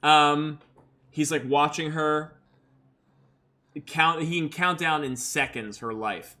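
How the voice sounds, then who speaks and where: A man's voice: fairly high pitch, fairly even intonation, slow, sharp tone. A young man narrating a solo tabletop game as game master, talking casually with many fillers. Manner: casual, filler-heavy storytelling.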